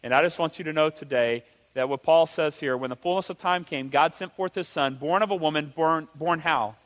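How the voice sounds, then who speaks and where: A man preaching a sermon with animated delivery, asking rhetorical questions and acting out quotes. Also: fairly high pitch, brisk, few pauses. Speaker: pastor. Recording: reverberant hall.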